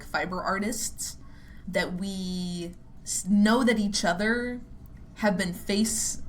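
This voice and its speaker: A young woman muses aloud on her solo podcast, drifting between thoughts with constant "like" fillers and a self-deprecating edge. Her delivery is casual and unpolished, with the odd swear word. A faint ambient noise sits under her voice. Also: mid-range voice. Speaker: podcast host.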